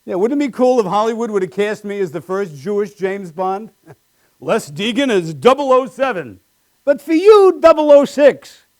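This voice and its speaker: A man doing a live stand-up routine with wry, self-deprecating punchlines on a small comedy stage. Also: high voice.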